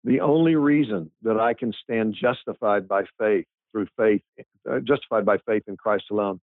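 A man's voice: lowish voice, normal speed, dry recording. A man, a pastor and author, answering interview questions in an earnest, emphatic way with frequent restarts. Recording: tinny phone-like line.

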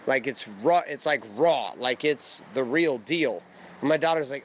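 A man's voice: medium pitch, animated, normal speed, slight background noise. A man in his thirties talking blunt and profane in a casual monologue, recorded in his backyard. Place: backyard outdoors.

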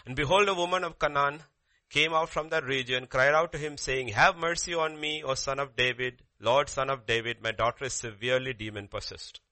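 A man preaching a sermon, animated, with sudden jumps up in pitch and drops into quiet, intense passages. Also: a little fast. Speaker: pastor.

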